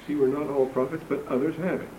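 A man's voice: a little high, fairly even intonation, fast, warm tone. An older man giving a classroom lecture on scripture, digressive and anecdotal with dry humor. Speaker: religion lecturer. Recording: roomy distant lecture recording with background noise.

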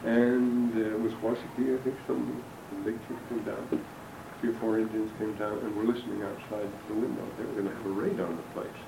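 A man's voice: lowish voice, flat delivery, brisk, vocal fry, hardly any pauses. An older man giving a classroom lecture on scripture, digressive and anecdotal with dry humor. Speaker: religion lecturer. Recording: roomy distant lecture recording with background noise.

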